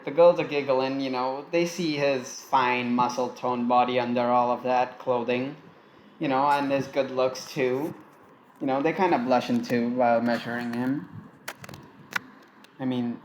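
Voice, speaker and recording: A man casually reading out a fan-written story, rambling and interrupting himself, tired from many takes. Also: medium pitch. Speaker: fan fiction narrator. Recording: echoey room with faint ambient noise.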